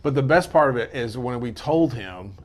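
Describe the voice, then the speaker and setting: A man hosting a casual interview podcast, telling a story with lively voices and a drawl. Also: mid-range voice, moderate pace. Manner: animated storyteller, drawls y'all. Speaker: podcast host.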